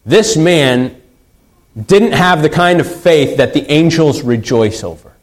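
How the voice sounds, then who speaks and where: A man delivers a sermon with earnest conviction. His voice sits a little higher than most men's. He drives his points home by repeating key phrases. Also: animated, slow pace, low-quality recording. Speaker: pastor.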